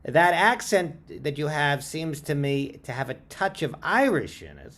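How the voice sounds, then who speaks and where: A man with a slightly high pitch, co-hosting a casual chat. He speaks in a measured way as he puts questions to the guest. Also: sing-song, fairly bright tone. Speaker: co-host.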